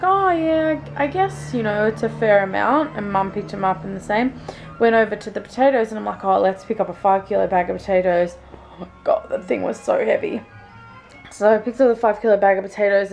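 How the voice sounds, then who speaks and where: A young woman with an Australian accent, chatting casually to camera in a rambling, um-filled way. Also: medium pitch. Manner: chatty, rambling storytelling with frequent ums. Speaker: vlogger. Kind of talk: casual chat.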